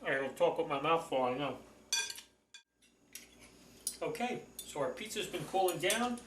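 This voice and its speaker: A fairly high-voiced man hosts a homey cooking demo, talking viewers through each step in a chatty, folksy way and gushing over the food. He sounds like he is in a roomy, echoing kitchen, with a faint clatter of dishes behind him. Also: animated, a little slow, background noise. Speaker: cooking show host. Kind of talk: casual cooking demonstration.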